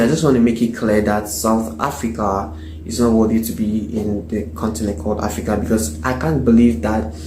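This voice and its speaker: A man giving a measured opinion monologue, pausing on fillers and correcting himself as he goes. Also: on the low side. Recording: echoey and noisy recording.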